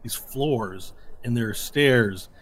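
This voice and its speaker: A man running a tabletop game as game master, narrating in lively, rambling descriptions. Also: medium pitch, takes it slowly.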